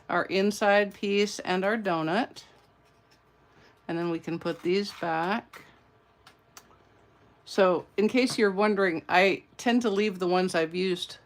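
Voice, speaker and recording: A woman demonstrating card-making in a casual, chatty tutorial, greeting her viewers and drifting into side stories. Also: lowish voice. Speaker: papercraft demonstrator.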